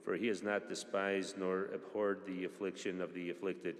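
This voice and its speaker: A man reading psalms aloud at a church service, at a steady pace with small slips and restarts. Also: sits low, moderate pace. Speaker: church reader. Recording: long church reverb.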